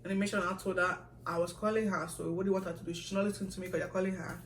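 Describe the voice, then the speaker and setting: A young woman vlogger telling a story in a casual, animated way, with laughs and asides. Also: lowish voice, rapid-fire, a little hiss or hum. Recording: echoey room, a little far from the mic.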